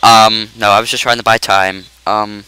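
A man giving goofy, excitable let's play commentary on a quiz game, joking and yelling at the screen. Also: lowish voice, normal speed, clear, resonant tone, poor audio. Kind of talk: casual gameplay commentary.

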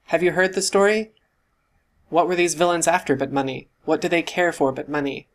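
A man voicing a hot-headed, exclamatory country squire of middle age who booms out his lines. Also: fairly even intonation, a little fast, natural voice. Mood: blustering. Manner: booming, exclamatory.

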